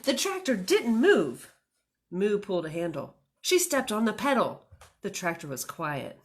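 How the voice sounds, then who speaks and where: A woman's voice: medium pitch, big pitch swings, unhurried. Woman reading a storybook to kids. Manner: chatty, giggly asides to children. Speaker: children's librarian. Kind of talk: storytime read-aloud.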